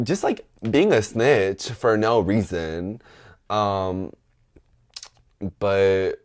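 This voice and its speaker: A young man with a somewhat low voice tells a story in a loose, casual chat. He is sassy and dramatic, fills his talk with "like" and "girl", laughs often, and jumps into high squeaky voices whenever he quotes other people. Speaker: podcast host telling a story.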